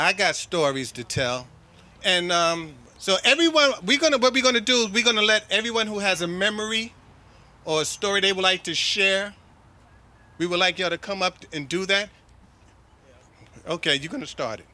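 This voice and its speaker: A man's voice: sits high, animated, normal speed, long pauses, pushed and bright. A middle-aged man from New York City hosting a memorial gathering, joking and commanding as he invites people up. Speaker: master of ceremonies at a memorial.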